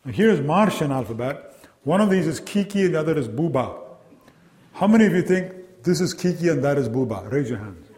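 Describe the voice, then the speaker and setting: A man giving a lively academic lecture to a live audience, quizzing the listeners and acting out sounds and quoted voices. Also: on the high side, fairly quick. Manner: lively, engaging, asks the audience questions.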